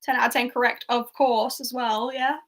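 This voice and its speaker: A woman's voice: a little high, fairly even intonation, normal speed, low-quality recording. A young woman hosting a livestreamed quiz in a casual, chatty way. She laughs often and reads questions out, then repeats them. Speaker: quiz host.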